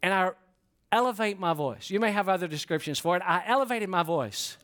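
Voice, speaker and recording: High-voiced pastor telling a story. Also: male voice, fairly quick. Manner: animated, self-deprecating, talks to the crowd. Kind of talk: storytelling sermon. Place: church before a congregation.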